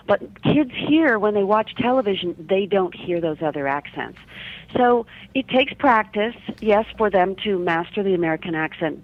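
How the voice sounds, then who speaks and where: A woman's voice: on the low side, no room sound. Chatty woman voice teacher, guest on call-in radio, dry and dull phone sound. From Chicago. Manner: chatty, explanatory, frequent restarts.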